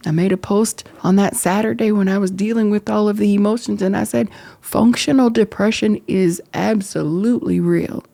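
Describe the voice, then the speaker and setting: A woman talks openly to the camera as the host of her own podcast, emotional and reflective, sometimes halting. Her voice is mellow and gravelly, with a low rasp. The sound is dry and close, with no room echo. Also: fairly even intonation. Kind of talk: candid personal talk to camera. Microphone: camera framing.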